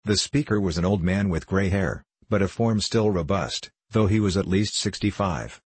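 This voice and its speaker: A man reading a novel aloud as an audiobook narrator in a measured, even way. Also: deep voice, husky, no echo. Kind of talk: scripted narration.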